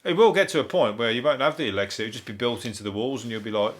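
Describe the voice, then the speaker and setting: A man with a Birmingham accent hosting a comedic news review. He rambles, swears freely, laughs at his own jokes and drops into quick silly impressions. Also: fairly low pitch. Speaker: comedian host.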